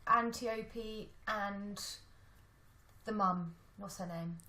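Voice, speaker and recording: A woman's voice: mid-range voice, drawn-out words, pushed and bright. A woman chatting casually about films as a podcast co-host, thinking aloud and apologising for rambling. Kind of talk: casual film chat. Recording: echoey room.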